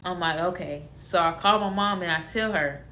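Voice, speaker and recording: A woman's voice: fairly low pitch, normal speed, slight background noise. A young woman, casually telling a personal story and acting out the voices of family members. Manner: animated, acts out quotes of family. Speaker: vlogger. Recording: echoey room.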